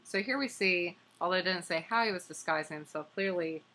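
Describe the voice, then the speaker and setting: Young woman gushing over a picture book, lots of ums, kinda low voice. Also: a little fast, bright, forceful tone. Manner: enthusiastic, chatty, many fillers. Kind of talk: casual book review and read-aloud.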